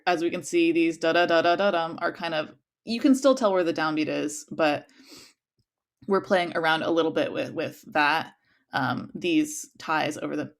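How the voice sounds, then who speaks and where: A woman's voice: fairly low pitch, creaky. Casual young woman teaching music. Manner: casual, sings rhythms on syllables, many fillers. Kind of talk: interpretation class lecture.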